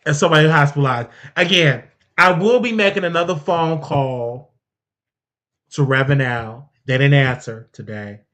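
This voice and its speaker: Streamer ranting emphatically, repeats itself a lot, voice swings up and down. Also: normal speed. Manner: emphatic and repetitive, big swings in pitch and loudness. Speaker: commentary show host. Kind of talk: emotional live-stream commentary.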